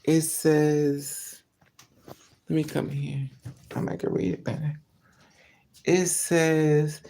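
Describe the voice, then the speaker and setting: A woman's voice: sits low, level tone, very slow, gravelly, long pauses, warm tone. A woman chatting casually on a live stream from her car, telling stories and quoting people in raised voices. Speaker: vlogger.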